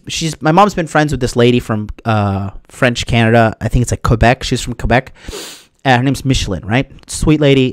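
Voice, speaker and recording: This young man's voice sits a little high, recorded with no echo. He's a vlogger in his twenties, rambling through a profane, casual rant at his audience with plenty of restarts.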